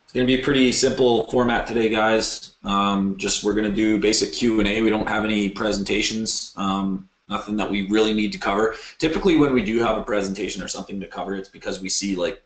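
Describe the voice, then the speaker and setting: Deep-voiced man in an echoey room. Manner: relaxed, plain explaining with fillers. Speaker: webinar co-host. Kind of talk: casual Q&A webinar talk.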